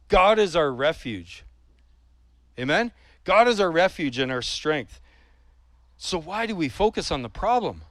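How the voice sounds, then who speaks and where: An earnest male preacher with a fairly high voice delivers a sermon, leaning on repetition and rhetorical questions. The sound is dry and close, with little room echo. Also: big pitch swings, unhurried, a bit bright.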